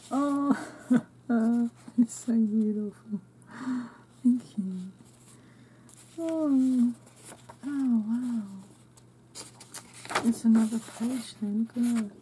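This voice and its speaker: A woman hosting a crafting channel, unpacking craft supplies and gushing quietly. She speaks slowly and drops often into whispers, with a dark, mellow tone a little higher than average. Faint room noise sits behind her. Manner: gushing, soft exclamations and frequent whispers. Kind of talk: unboxing a craft swap package.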